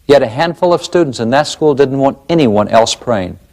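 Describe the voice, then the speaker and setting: A man's voice: medium pitch, lively intonation, normal speed, darkish tone. Emphatic male documentary presenter. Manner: emphatic, rhetorical questioning. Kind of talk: documentary lecture.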